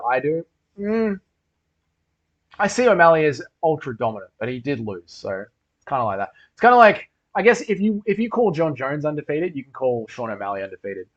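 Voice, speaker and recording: A man hosting a casual livestream, reading comments and rambling with lots of swearing. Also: a little high. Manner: loose, rambling, swears a lot. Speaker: livestream host. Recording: dull lo-fi stream audio.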